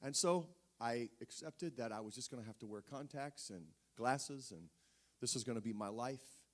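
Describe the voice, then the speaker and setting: A man's voice: mid-range voice, expressive, moderate pace. A male preacher telling a personal story in a sermon, talking conversationally with frequent restarts and fillers.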